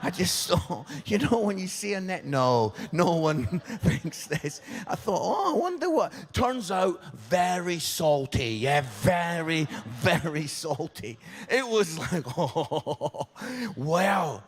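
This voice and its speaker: Scottish man, fifties, comic sermon storytelling, high gravelly voice, long hall reverb. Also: takes it slowly. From Scotland. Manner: animated, comic, tags lines with "yeah?". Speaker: pastor.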